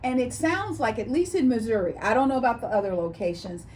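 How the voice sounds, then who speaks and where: A woman's voice: fairly high pitch, quick pace, a little hiss or hum. A woman co-hosting a casual chat show, telling stories and acting out quoted voices as she talks. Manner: animated storyteller, acts out quoted voices. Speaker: co-host.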